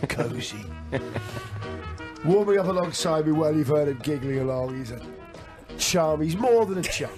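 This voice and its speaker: A man hosting a radio show, a bit hoarse today, in playful and teasing casual banter with mock-grand introductions. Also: fairly high pitch, lively intonation, normal speed, pauses often, music in the background. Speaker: radio breakfast show host.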